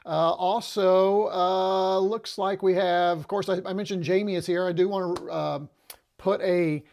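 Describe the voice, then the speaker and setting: A man hosting a relaxed livestream, chatting to viewers in a rambling, easygoing way and often pausing on "uh". His voice sits a little high and carries a gravelly edge. He sounds slightly out of breath, and he is picked up close on a small lapel mic. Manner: chatty, rambling, with frequent "uh" and restarts. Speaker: livestream host. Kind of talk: casual livestream chat.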